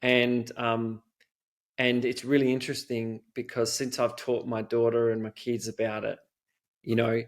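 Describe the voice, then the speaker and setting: A man's voice: medium pitch, flat delivery, a little slow. A middle-aged man answering interview questions in an earnest, rambling way, with many "you know"s. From Australia. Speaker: guest expert on child safety.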